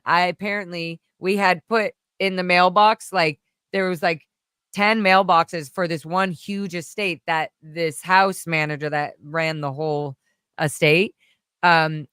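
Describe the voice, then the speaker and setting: A woman's voice: fairly low pitch, measured pace, smooth, dry recording, clean studio sound. A woman from California telling a long story in casual chat, rambling with many fillers and acting out the other people's voices. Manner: rambling, animated, full of fillers, acts out voices.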